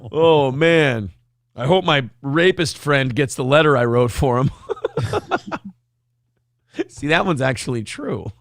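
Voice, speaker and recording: A man's voice: medium pitch, sing-song, slow, gravelly, pauses often, no echo, studio quality. A man co-hosting a comedy show, riffing crudely with mocking bursts of impressions. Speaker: co-host. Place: studio.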